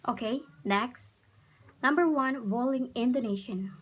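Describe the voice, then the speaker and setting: Woman student going through examples slowly, a bit high voice. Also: husky, rough recording. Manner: explains with examples, reading sample sentences aloud. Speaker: student presenter. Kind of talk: explaining a class presentation.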